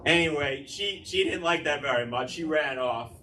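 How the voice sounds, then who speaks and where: A male stand-up comic works through a raunchy set with a loose, rambling delivery, slipping into little acted-out quotes. His voice sits a bit high for a man. The recording catches him from across an echoey club, with a noisy room under him. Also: normal speed, sharp tone, distant mic. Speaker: stand-up comedian. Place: comedy club stage. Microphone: handheld stage mic, recorded from the room.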